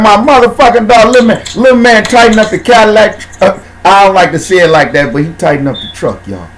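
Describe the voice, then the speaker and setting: A man hosting a casual talk show, speaking in slang and shouting out viewers by name. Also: sits high, sing-song, moderate pace, a little hiss or hum, rough recording. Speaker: host.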